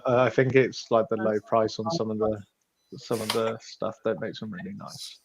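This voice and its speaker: A man's voice: on the low side, fairly even intonation, normal speed, vocal fry. A man commentating a tabletop wargame in a matter-of-fact way. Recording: dull sound with crowd behind.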